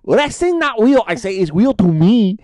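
A man's voice: sits high, very animated, normal speed, darkish tone, no room sound, voice pushed up. A man putting on the voice of a woman wrestler who bites people, speaking in broken English. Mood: manic.

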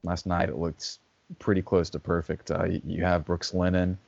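A man co-hosting a casual sports podcast, relaxed and easygoing, with hesitant fillers. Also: low voice, moderate pace, vocal fry, dry recording, muffled recording. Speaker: podcast co-host.

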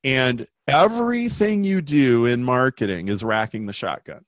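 A man telling an anecdote in a lively, conversational way, acting out the voices of the people in it as a guest explaining marketing. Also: mid-range voice, normal speed, no room sound. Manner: animated, acts out quoted voices. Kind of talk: conversational storytelling.

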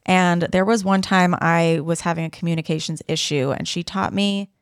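A woman's voice: fairly low pitch, fairly even intonation, moderate pace, clear, resonant tone, no echo, studio quality. A woman co-host on a podcast, chatting and joking in a playful way. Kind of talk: casual podcast chat.

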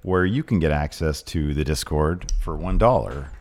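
A man's voice: very deep voice, normal speed, darkish tone. A man hosting a casual wrestling talk show, reading previews in a hyped voice and chatting loosely. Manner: reads previews in a hyped announcer voice, then chats loosely. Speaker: podcast host. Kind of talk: casual chat.

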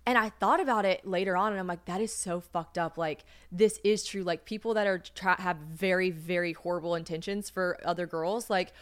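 A woman's voice: fairly low pitch, fairly quick, hardly any pauses, clear, resonant tone. A young woman co-hosting a podcast, telling a story in casual chat, acting out what others said and laughing often. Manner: animated, acts out quoted voices, laughs often. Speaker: podcast co-host.

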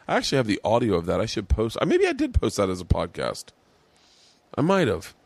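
Man, podcast host, low-ish voice, rambling funny stories, swears a lot, dry close mic. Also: wildly swooping pitch, a little fast, gravelly, husky, dry recording. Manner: rambling storyteller, swears freely, acts out quoted voices. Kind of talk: casual comedic chat.

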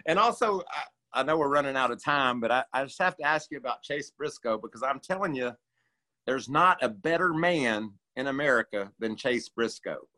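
A man's voice: medium pitch, animated, normal speed, bright, forceful tone, rough recording. A man hosting a podcast interview, asking questions in a friendly, chatty way. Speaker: podcast host. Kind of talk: casual interview chat.

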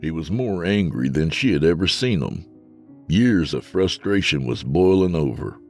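A man narrating a horror story in a slow, grave storyteller's manner. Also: low-pitched, lively intonation, soft background music.

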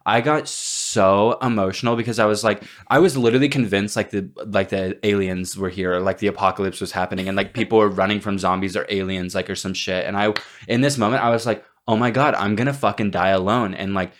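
A man's voice: fairly low pitch, fairly even intonation, fairly quick, few pauses. A man co-hosting a podcast, telling stories in a casual, dramatic, self-mocking way with plenty of swearing. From Texas. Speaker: podcast co-host. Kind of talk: casual chat.

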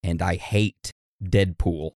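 A man co-hosting a podcast, reading birthday shout-outs in a casual, joking way. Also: deep voice, steady tone, takes it slowly, dry recording, studio quality. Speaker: podcast co-host. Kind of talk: casual chat.

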